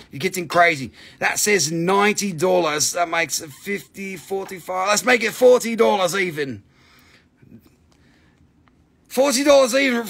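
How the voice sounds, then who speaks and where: A man hosting a live crystal sales stream, joking loudly, swearing and rambling between prices. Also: high-pitched, expressive, normal speed, gravelly. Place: shop or home stream setup.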